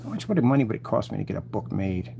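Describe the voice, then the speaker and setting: Man ranting on a live stream, gloating, mocking, dark mellow tone. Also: fairly low pitch, very animated, racing, creaky, a little hiss or hum. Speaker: channel host taunting rivals. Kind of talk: rambling live-stream rant.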